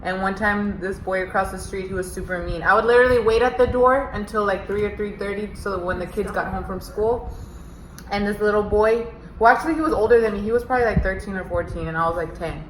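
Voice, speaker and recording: A woman vlogger tells long, rambling stories while eating in front of the camera. Her voice sits at an average pitch. It carries a roomy echo over faint background noise. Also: quick pace. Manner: chatty storyteller, talking while eating. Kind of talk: casual mukbang chat.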